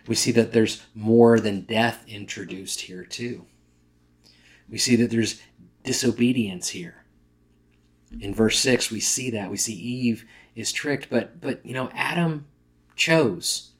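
A man's voice: medium pitch, slow. A male pastor giving a conversational, emphatic sermon, often restarting phrases.

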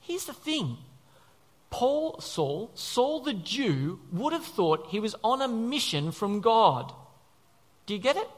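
A male preacher delivering a conversational, animated sermon, often asking the congregation questions. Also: sits high, slow pace. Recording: long reverb of a large hall.

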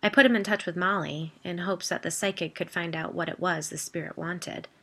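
A woman narrating a first-person story in steady, expressive scripted reading. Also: fairly low pitch, a little fast. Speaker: audiobook narrator.

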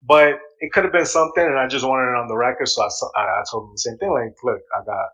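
A man in casual chat, telling a story in an animated way, swearing freely and acting out what people said. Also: medium pitch, fast talker, slightly rough, poor audio.

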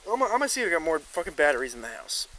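A man co-hosting a casual podcast from a cabin, talking in an animated, profane way and laughing often. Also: fairly high pitch, very fast, a little hiss or hum, poor audio. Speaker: podcast co-host.

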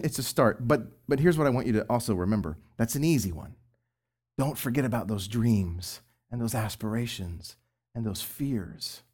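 Speaking at a medium pitch, a middle-aged man who used to be a youth pastor offers Christian marriage advice with lots of expression, alternating loud emphasis with soft asides.

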